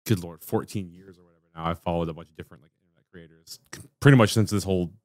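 A man with a fairly low voice hosts a loose, casual podcast, rambling through restarts and exasperated asides. The recording is dry and close, with no room sound. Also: rapid-fire, darkish tone, no room sound. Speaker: podcast host.

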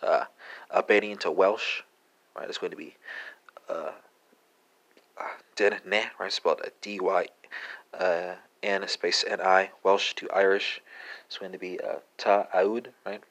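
A man hosting a language lesson podcast, talking through verb forms with lots of "uh" pauses and a habitual "right?", spelling words out letter by letter. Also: sits low, level tone, a bit bright. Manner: halting, many "uh" fillers and tag "right?". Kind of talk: casual spoken language lesson.

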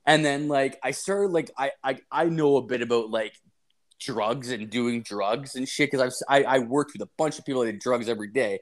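A man's voice: mid-range voice, normal speed. Profane rambling man. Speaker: storyteller. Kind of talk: casual storytelling.

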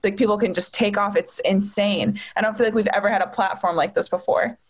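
A woman's voice: mid-range voice, steady tone, a little fast, a little hiss or hum. A woman stand-up comedian chatting casually as a podcast guest, telling stories in a rambling way full of fillers and swearing. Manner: rambling, filler-heavy storytelling with frequent swearing.

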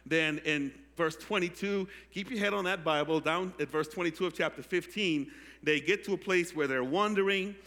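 Bright high-voiced man preaching in a hall. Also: normal speed. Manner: call-and-response with the congregation; builds from quiet teaching to loud preaching. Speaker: pastor. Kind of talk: sermon. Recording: echoey hall.

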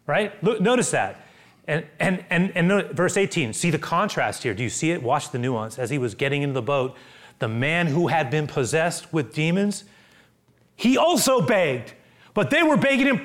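A man delivers a sermon in a fairly high, animated voice, rising to loud exclamations and then dropping to hushed, near-whispered lines. He stumbles and repeats words as he acts out the people in the story. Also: normal speed. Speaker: pastor.

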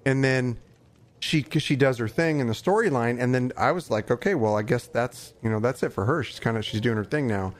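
A man co-hosting a podcast in casual chat, talking excitedly, with many fillers and quoted reactions. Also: mid-range voice, brisk. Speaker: podcast co-host.

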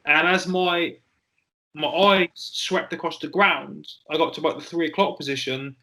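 A man in his forties telling a personal story in an interview, candid and halting, with frequent fillers and swearing. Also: fairly high pitch, steady tone, bright, forceful tone, poor audio. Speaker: interview guest, former soldier.

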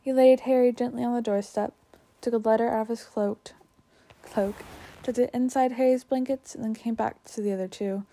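Woman reading a storybook aloud, mellow. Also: fairly high pitch, fairly even intonation, normal speed. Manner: trips on words and corrects herself.

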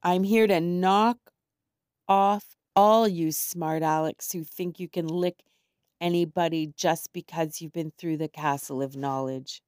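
Woman voicing a smug, booming male dragon, lower than her own voice. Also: fairly even intonation, a little slow, darkish tone, smooth, no echo, clean studio sound, close to an everyday voice. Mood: boastful. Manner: booming, mocking. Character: gruff male dragon of fear and doubt.

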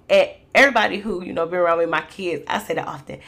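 Chatty woman with a gravelly voice. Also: lowish voice, fast, few pauses, a bit bright. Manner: chatty and candid, addresses listeners as "y'all". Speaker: mother sharing reflections. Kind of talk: casual faith-based talk.

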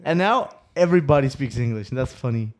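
A man from Aruba hosting a podcast in casual chat, rambling with many restarts and quick laughs. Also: medium pitch, lively intonation. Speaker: podcast host.

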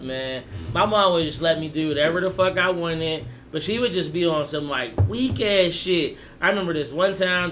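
A man's voice: a little high, a little hiss or hum. A young man co-hosting a casual comedy podcast, telling stories with lots of profanity and acting out the voices of people he quotes. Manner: animated storyteller, profane, acts out quoted voices. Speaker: podcast co-host.

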